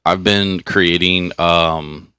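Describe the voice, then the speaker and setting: A man's voice: sits low, steady tone, extremely slow, sharp tone, smooth, dry recording. A man from Kansas co-hosting a podcast in casual chat, reading out questions and giving brief, dry replies. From Kansas, USA. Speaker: podcast co-host.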